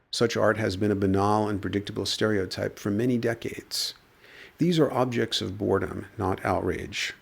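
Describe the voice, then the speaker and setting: A man with a fairly low voice reads a scripted essay aloud. His tone is wry and sardonic throughout, and his voice has a gravelly, fry-edged texture. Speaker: podcast host.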